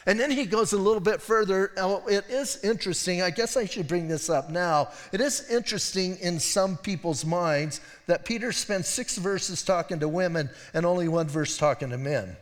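A pastor delivering an expository sermon in a conversational way, breaking off into wry asides and correcting himself. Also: male voice, sits high, moderate pace, hardly any pauses, in a large hall. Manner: conversational, self-interrupting preaching with wry asides.

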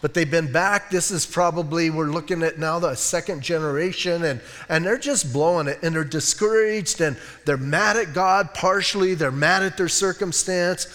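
A man's voice: on the high side, moderate pace, hardly any pauses, fairly bright tone, long reverb tail. A middle-aged man preaching a casual, conversational sermon as pastor, folksy, with many fillers and restarts. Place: church sanctuary.

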